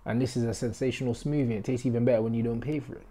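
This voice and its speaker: A young man runs a casual football reaction vlog, firing off slang-heavy banter. His voice sits at an ordinary pitch with a warm, relaxed tone. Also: very fast. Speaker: football fan vlogger. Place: indoor room in a flat being moved out of.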